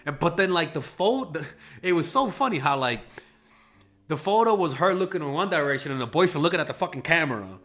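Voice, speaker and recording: A man's voice: on the high side, animated, fairly quick, fairly bright tone. A man giving blunt, casual dating advice in a monologue, swearing freely and acting out quoted exchanges in a raised voice. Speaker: dating coach.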